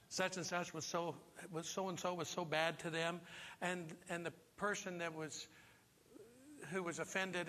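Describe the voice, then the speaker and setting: Bright, high-voiced preaching man. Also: in a large hall. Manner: emphatic preaching with repeated rhetorical questions. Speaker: pastor. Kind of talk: sermon. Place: church sanctuary.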